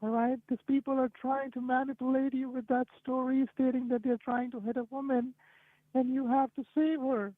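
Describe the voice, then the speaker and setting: Man doing a shrill, monotone lady on the phone, nagging, tinny phone line, dead-dry sound. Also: normal speed, dry recording. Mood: pushy. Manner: insistent, repetitive. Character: woman on the phone, pushy caller. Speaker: scammer.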